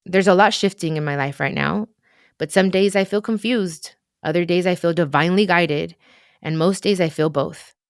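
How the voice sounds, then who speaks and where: A woman in her thirties hosting a podcast, speaking earnestly and confessionally with soft pauses in a reflective personal monologue. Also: on the low side, clean tone, dry recording, clean studio sound. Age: 30s. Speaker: podcast host.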